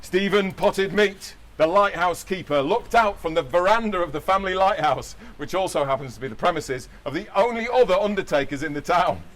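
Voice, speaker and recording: A man's voice: high-pitched, lively intonation, a little fast, hardly any pauses, fairly bright tone. A man hosting a live podcast, reading a silly story aloud with a playful, laughing delivery. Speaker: podcast host.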